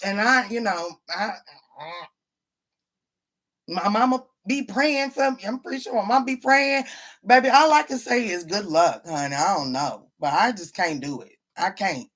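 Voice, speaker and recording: Her voice is medium-pitched and fairly bright, at a normal pace. Talking casually to her live stream audience, the tarot reader swears bluntly, uses baby and honey, and says things twice for emphasis.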